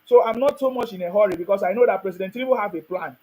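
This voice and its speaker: A man's voice: high-pitched, rapid-fire, mellow, slightly rough, rough recording. A man with a Nigerian accent hosting a show, giving emphatic political commentary, with rhetorical questions and bits of Pidgin. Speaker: online show host.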